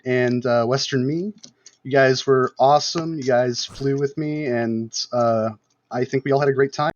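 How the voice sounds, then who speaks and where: Hesitant man on a muffled voice chat. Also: mid-range voice. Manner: hesitant, many fillers. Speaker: pilot guest in a game community. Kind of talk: casual voice chat.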